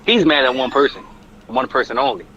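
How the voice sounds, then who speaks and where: A man's voice: mid-range voice, lively intonation, a little fast, fairly bright tone, breathy edge, lo-fi sound. A man co-hosting a casual wrestling podcast, telling the story with energy and sound effects. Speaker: podcast co-host.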